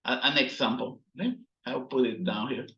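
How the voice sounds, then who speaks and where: A man teaching a physics class, slowly explaining while working on slides and often checking in with "right?". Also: mid-range voice, pushed and bright. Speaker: physics instructor. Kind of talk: recorded classroom lecture. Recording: echoey, dull lo-fi room sound.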